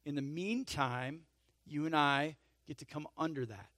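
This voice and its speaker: Speaking at a measured pace, a man with a voice on the high side delivers a conversational sermon, tenor-leaning and full of check-ins with the audience. Emphatic surges in loudness give way to quiet, intimate asides. It's captured close and dry, without any room sound.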